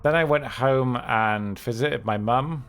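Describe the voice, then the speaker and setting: A man live-streaming a game, chatting casually in a candid, low-key, downbeat way. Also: takes it slowly, a bit bright. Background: game music.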